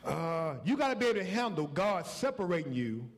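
Brief: male preacher, high voice with a wide swing, folksy call-and-response delivery. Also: sing-song, fairly quick. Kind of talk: sermon.

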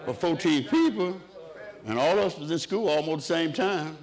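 A man's voice: fairly high pitch, animated, moderate pace, a little mellow. A man preaching a sermon in a rhythmic way, asking the congregation questions and answering them himself.

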